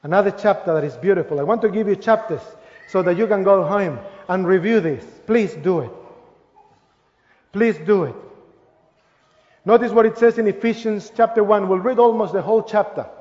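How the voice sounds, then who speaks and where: High-voiced preacher in an echoey hall. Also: male voice, quick pace. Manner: swings from loud emphatic preaching to soft intimate asides. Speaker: pastor. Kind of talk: sermon. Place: large church hall. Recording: echoey church hall, slightly dull sound. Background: long reverb of the hall.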